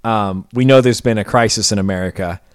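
A man co-hosting a podcast who talks casually with dry, deadpan sarcasm. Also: lowish voice, fairly quick, clean tone, no room sound. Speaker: podcast co-host. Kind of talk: casual chat.

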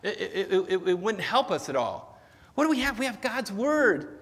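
Bright-voiced preacher in an echoing church. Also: male voice, high voice, very animated, moderate pace. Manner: conversational, storytelling, self-deprecating humor. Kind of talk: sermon. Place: church sanctuary.

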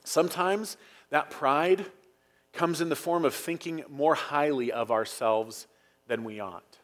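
A male pastor preaching in a church sanctuary. His voice sits a little high for a man, and he delivers the sermon earnestly, pressing hard on key phrases and then dropping to a near whisper for effect. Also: takes it slowly, a bit bright.

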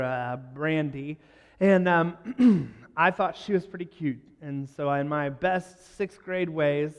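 High-voiced man telling stories in a hall. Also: clean tone. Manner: self-deprecating storytelling with asides. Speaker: speaker addressing a live audience. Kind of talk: humorous talk to a crowd.

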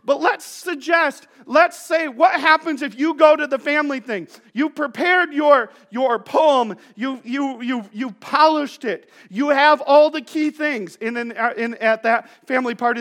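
A man's voice: extremely high pitch, measured pace, few pauses, fairly bright tone. A male pastor giving a sermon in a conversational, joking way, telling playful stories to his congregation.

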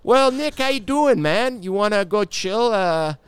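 Man doing a goofy, over-friendly Canadian bro for a podcast bit, pitched up high, lively swoops. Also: smooth, no echo. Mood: laid-back. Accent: exaggerated Canadian put-on. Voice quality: high, bouncy, drawn-out Canadian drawl. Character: over-the-top friendly Canadian guy saying eh.

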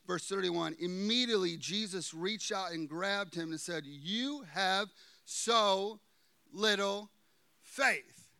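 High, bright-voiced playful preacher man. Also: creaky, no room sound. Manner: playful, chatty asides between verses; keeps checking in with listeners. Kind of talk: sermon with scripture reading.

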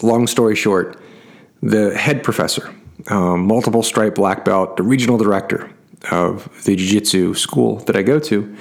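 Middle-aged male coach, somewhat low voice, casual storyteller, emphatic, repeats himself for effect. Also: normal speed, gravelly.

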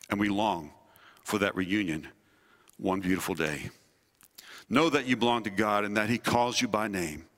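Preaching man in a reverberant hall. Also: sharp tone. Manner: earnest preaching, slows and drops low on key phrases. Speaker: pastor, former army chaplain. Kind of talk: sermon.

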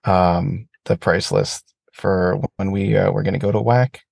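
Male co-host, low gravelly voice, casual and profane, dry close sound. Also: a little slow, no room sound. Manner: profane, animated rants. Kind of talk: casual chat.

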